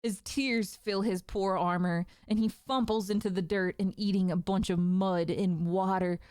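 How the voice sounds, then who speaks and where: A woman streamer narrating a tabletop game as game master, dramatic and quick to laugh. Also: mid-range voice, fairly even intonation, darkish tone, clean tone, dry recording, clean studio sound.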